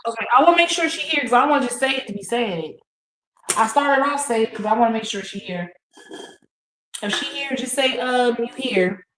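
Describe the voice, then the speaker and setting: A woman's voice: a little high, fairly quick, a crowd in the background. A woman hosting a livestream in casual chat, easygoing and speaking directly to her viewers. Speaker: livestream host. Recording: roomy echo.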